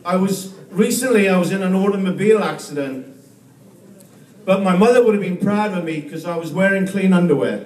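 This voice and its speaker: A man doing a stand-up comedy set, with a halting delivery full of repeated words and restarts. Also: sits high, a little mellow. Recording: echoey room, mic far off, faint noise.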